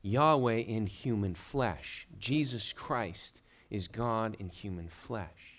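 A man preaching an expository sermon as a pastor, in an emphatic style that swells into forceful declarations. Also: on the low side, slow pace.

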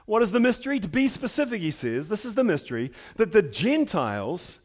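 A middle-aged man preaches a sermon in a fairly high voice. He swings between ringing, emphatic declarations and low, conversational asides, often repeating words as he restarts a thought. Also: very animated, fast talker. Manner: impassioned preaching, rising to emphatic declarations then dropping to quiet asides. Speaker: pastor.

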